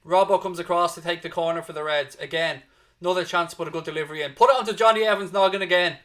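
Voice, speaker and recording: Racing through live commentary of a football match, a Dublin man from Ireland hosts a fan watchalong and chats with viewers in a steady, bright, forceful voice that's somewhat higher than typical for a man. He's animated and swears freely while urging everyone to stay positive.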